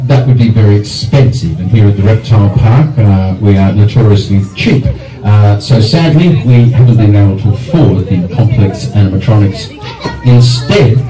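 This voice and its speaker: A man's voice: medium pitch, warm tone. A man, a reptile park keeper, presenting animals live to an audience with jokey, dry humour. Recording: echoey, from far off, faint music.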